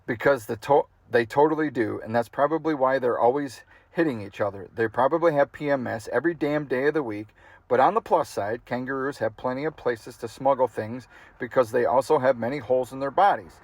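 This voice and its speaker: A man reading a funny memoir aloud, his voice sitting at an ordinary middle pitch. He keeps the delivery loose and conversational, as if chatting while he reads. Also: a little fast, dry recording. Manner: casual, amused reading that breaks into laughter. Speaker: audiobook reader.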